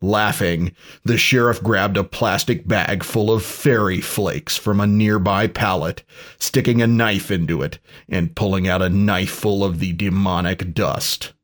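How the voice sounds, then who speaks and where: Male narrator, deadpan pulp-story reading, low voice, very slow pace. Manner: dry, deadpan.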